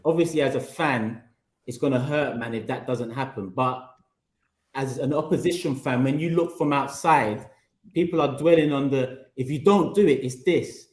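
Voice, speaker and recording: A man with a London accent hosting a casual football debate, reasoning his points through calmly. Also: mid-range voice, moderate pace. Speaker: podcast host. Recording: echoey room.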